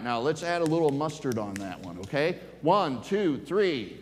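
A man's voice: a little high, sing-song, normal speed. A man with a Midwestern American accent, a pastor speaking with children and leading a prayer in a friendly, chatty way. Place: church sanctuary. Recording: church hall reverb, faint hum.

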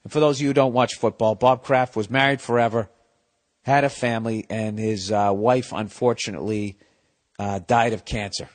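A middle-aged man hosting a podcast, ranting in a casual comedic way, swearing freely and swinging between loud outbursts and low mutters. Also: steady tone, normal speed. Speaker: podcast host.

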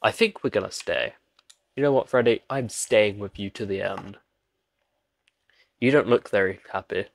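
A man's voice: fairly low pitch, normal speed, gravelly, pauses often, no room sound, clean studio sound. Man pleading in game commentary. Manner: pleading, jokey, talks to game characters. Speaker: gaming channel host. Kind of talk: let's play commentary.

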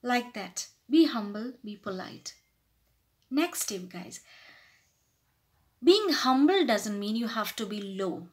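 A woman's voice: mid-range voice, lively intonation, slow, long pauses. Earnest woman giving workplace advice. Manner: earnest, explaining, acts out polite and rude phrases. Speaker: lifestyle vlogger. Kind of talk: casual advice talk to camera.

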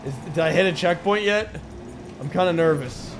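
A man commentating his gameplay, sarcastic and excitable, often shouting at the game. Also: sits high, normal speed, a crowd in the background. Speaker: gaming video host. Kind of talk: let's play commentary.

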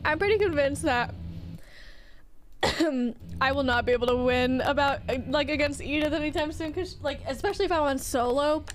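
A young woman streaming a game, chatting casually and softly with her viewers in a gushing, sing-song way. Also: high-pitched, steady tone, fairly quick. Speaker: livestreamer. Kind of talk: casual chat with viewers while gaming.

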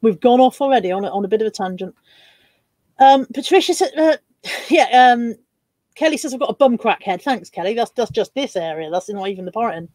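A woman's voice: fairly high pitch, expressive, brisk, darkish tone, no room sound. A woman hosting a casual live stream from home, chatting and reading out viewer comments. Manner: chatty, reads out viewer comments with bursts of laughter.

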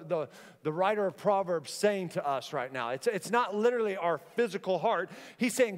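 A man preaching a sermon from a church stage, an animated storyteller who acts out the scenes he describes. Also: high-pitched, moderate pace. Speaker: pastor. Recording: long church hall reverb.

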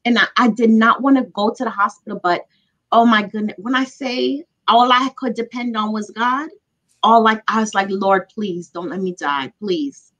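A woman's voice: a little high, steady tone, moderate pace, a bit bright, dull audio. Earnest woman telling a heartfelt story. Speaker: guest; mother. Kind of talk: casual chat.

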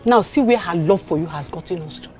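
A woman's voice: lowish voice, expressive, quick pace, husky, faint music behind. A scornful Nigerian woman. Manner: scornful, accusing. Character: bitter, sharp-tongued woman scolding a runaway husband. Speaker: sister of the dead woman. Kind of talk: Nollywood film acting.

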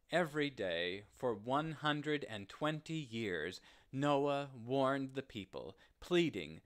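A man reading a story aloud in a slow, deliberate, gentle telling. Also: medium pitch, expressive. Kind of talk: read-aloud story narration.

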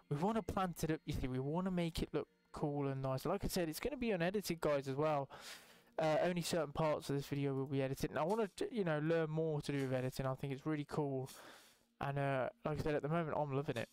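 A young man giving casual, excitable gameplay commentary as a channel host, swearing often and breaking into high yelps. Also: fairly quick, smooth, no echo.

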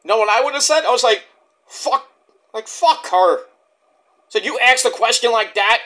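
A man's voice: extremely high pitch, fast talker, pushed and bright. A man reviewing a wrestling show in a heated, profane, rambling rant.

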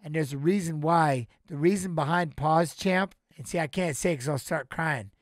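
Pausing, deliberate man streaming. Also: fairly high pitch, no room sound, studio quality. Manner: pauses often, deliberate. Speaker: live streamer reacting to a video. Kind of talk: casual live-stream talk to chat.

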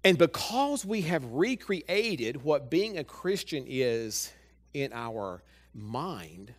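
A man's voice: medium pitch, slow. A male pastor preaches a sermon in church, talking straight to the congregation and asking it one question after another. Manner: lively, talks straight to the congregation with many rhetorical questions. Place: church sanctuary.

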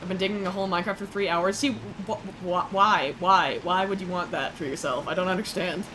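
A young woman streaming a game, chatting playfully with her viewers and squealing when excited. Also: lowish voice, a little fast, a little hiss or hum. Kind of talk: casual gameplay commentary.

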